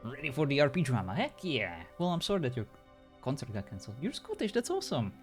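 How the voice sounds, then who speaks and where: A man's voice: medium pitch, wildly swooping pitch, fast talker, faint music behind. A European man chatting casually with viewers as a streamer, laughing often and joking around.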